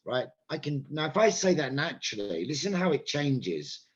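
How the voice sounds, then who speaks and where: A man's voice: mid-range voice, lively intonation, measured pace, few pauses, muffled recording. A man with an English accent teaching an English lesson, patiently explaining and demonstrating how sentence stress changes.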